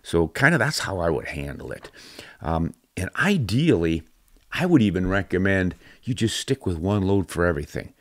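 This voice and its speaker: An older man hosting a podcast in casual chat, self-deprecating and quick to laugh. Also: low voice, very animated, no room sound, studio quality. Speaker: podcast host.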